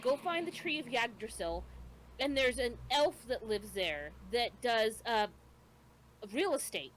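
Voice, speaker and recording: A friendly fish-person man from a cartoon , voiced by a woman retelling the plot, gives easygoing advice. The voice is pitched up, with faint hiss behind it. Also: very animated, measured pace, a bit bright. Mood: advising.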